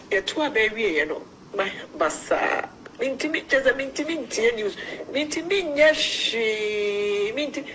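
A woman on a phone-in call speaks earnestly, circling back over the same words and pleading her point. Her voice sits at a middle pitch, with faint noise hissing under the line. The call has a slightly distant, phone-like sound. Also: a bit bright. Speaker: caller.

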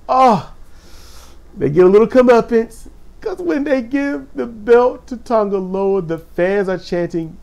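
A man with a gravelly voice giving a casual, animated spoken recap of a show, acting out quotes with sudden high exclamations. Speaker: wrestling show recap host.

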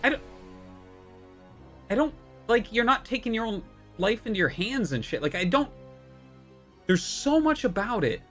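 Man streamer, thirties, exasperated and profane; pitch swings wide, faint game music under him. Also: sing-song, moderate pace, long pauses, a bit bright. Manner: ranting, exasperated, heavy swearing. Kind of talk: live-stream commentary while playing.

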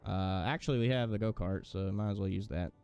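A man's voice: fairly low pitch, a little fast, a little mellow, smooth, dull audio, soft background music. Exasperated, sweary male gamer. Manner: exasperated, swears a lot, rants at the game. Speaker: gaming streamer. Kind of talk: frustrated gameplay commentary.

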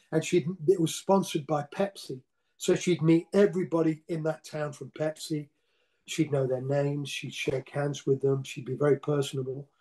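An older man telling casual, rambling stories as an interview guest, with frequent restarts. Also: on the high side. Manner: rambling, animated anecdotes with repeated restarts. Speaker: interview guest, rock singer. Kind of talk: casual storytelling.

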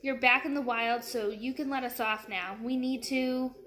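A woman voicing an anxious young boy who talks in a hurried, pleading way in a read-aloud storybook. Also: fairly high pitch, steady tone, fairly bright tone, natural voice.

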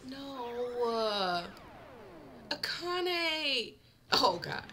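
A woman's voice: a little high, big pitch swings, takes it slowly, fairly bright tone. A young woman commenting casually on a game she is playing, emotional, often laughing and getting teary. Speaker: let's player.

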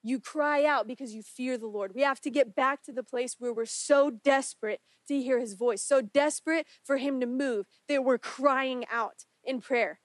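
A woman's voice: high-pitched, normal speed, few pauses, no room sound. A woman preaching a sermon in church, earnest and pleading, her voice rising in intensity when she prays aloud. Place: church sanctuary.

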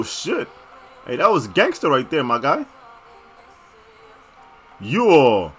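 A young man casually reacting to video clips, slangy and excitable, often bursting into shouts. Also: mid-range voice, unhurried, pauses often, soft background music.

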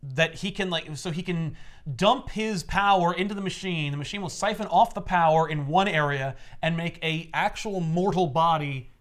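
A man's voice: on the high side, normal speed, a bit bright. A man hosting a casual chat, rambling and swearing as he recaps a story and acts out its characters. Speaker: podcast host.

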